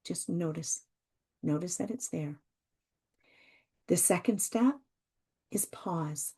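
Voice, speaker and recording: A woman hosting a self-help podcast, talking gently and reassuringly and repeating her phrases. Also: lowish voice, slow, husky. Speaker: podcast host.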